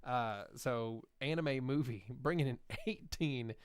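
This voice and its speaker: Guy cohosting a movie podcast, smooth clear voice, dry close sound, lots of uhs. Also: medium pitch, slow, dry recording. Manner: upbeat, reads figures with filler uhs. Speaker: podcast co-host. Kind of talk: casual chat, reading box office numbers.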